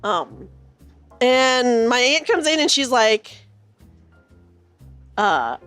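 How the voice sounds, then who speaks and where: A woman's voice: fairly high pitch, sing-song, extremely slow, fairly bright tone, no room sound, soft background music. A woman in her thirties chatting with her stream viewers from her room, telling a rambling story full of fillers and swearing now and then. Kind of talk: casual chat with live viewers.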